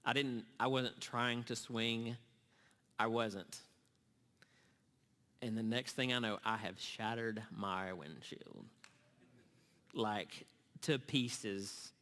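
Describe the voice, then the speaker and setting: Middle-aged male church speaker, earnest storyteller with a tense, bright edge; recorded in a reverberant hall. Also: mid-range voice, steady tone. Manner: earnest, halting storyteller with many restarts. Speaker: speaker at a church summer series. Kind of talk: storytelling sermon talk. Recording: long reverb of a large hall.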